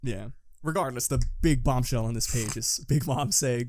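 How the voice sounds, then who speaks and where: A man co-hosting a casual fan podcast, excitable and quick to laugh. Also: medium pitch. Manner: laughs often, excitable, loose. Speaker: podcast co-host.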